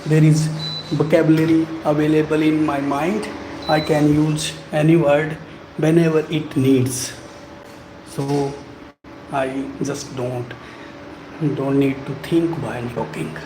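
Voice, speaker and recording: A man giving a live-stream lesson, talking slowly and deliberately to encourage learners. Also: a little high, flat delivery. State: sweating from the heat. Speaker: English speaking teacher. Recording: echoey room with background noise.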